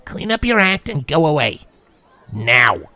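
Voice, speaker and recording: A man's voice: fairly high pitch, sing-song, bright, forceful tone, no room sound, pitched above the performer's own voice, exaggerated voice. A man doing brash pegasus Rainbow Dash. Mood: stern. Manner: brash, teasing, quick. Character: brash tomboyish young pegasus mare, blunt. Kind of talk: fanfiction reading.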